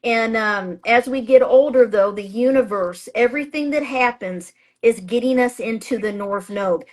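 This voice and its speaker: Woman astrologer in casual interview talk, fairly high voice, chatty and emphatic, lots of fillers. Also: moderate pace. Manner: acts out her own past thoughts in a raised voice. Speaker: astrologer and author, guest.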